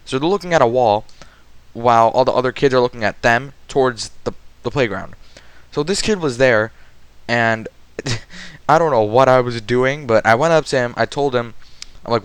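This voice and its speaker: A man's voice: mid-range voice, normal speed, clear, resonant tone, no echo. A young man telling a rambling school story in a casual vlog, full of fillers and restarts. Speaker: vlogger.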